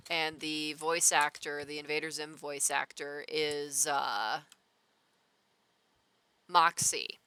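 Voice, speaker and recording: A woman's voice: low voice, bright, forceful tone, clean tone. A young woman streaming a building game, chatting, reading chat messages aloud and talking to herself as she plays. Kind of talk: casual gameplay commentary.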